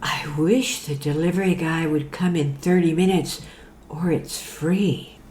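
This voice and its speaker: Woman reading a sultry camera flirt, low and slow, echoey room. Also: fairly even intonation, darkish tone, a little hiss or hum. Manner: sultry and teasing. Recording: roomy echo.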